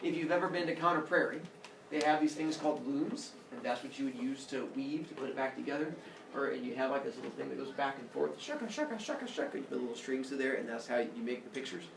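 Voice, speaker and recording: A young man teaching a class retells myths playfully, adding sound effects and asides in animated classroom storytelling. His medium-pitched voice is steady and creaky, and he talks fast. The recording is echoey with background noise, the camera set far off.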